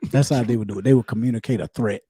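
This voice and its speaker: A man's voice: mid-range voice, steady tone, racing, mellow, breathy edge. A man, a comedian guest, telling childhood stories in a laid-back drawl on a casual podcast. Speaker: comedian guest, former officer. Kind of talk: casual storytelling chat.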